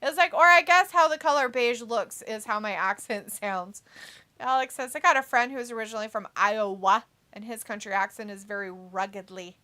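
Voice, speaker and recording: A woman's voice: a little high, normal speed, bright, forceful tone. A woman co-hosting a casual livestream, reading chat messages aloud and laughing often. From United States. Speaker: co-host reading live chat.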